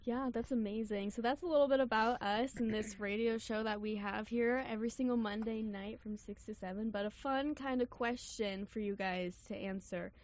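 A woman's voice: on the high side, steady tone, normal speed, few pauses, a little mellow, a little hiss or hum. Young woman asking questions on campus radio. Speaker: radio show co-host. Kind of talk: casual radio chat.

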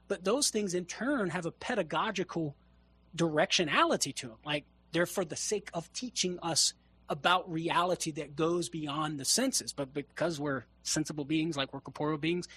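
A man with a high, husky voice talks through theology for a caller on a call-in radio show. He explains earnestly and keeps posing rhetorical questions. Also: fairly bright tone. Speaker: guest theologian answering callers.

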